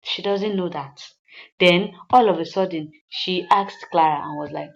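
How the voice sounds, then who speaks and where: Brief: woman, casual movie recap narrator, chatty, low-ish voice, slightly dull sound. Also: moderate pace. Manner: chatty, repeating lines and addressing listeners directly.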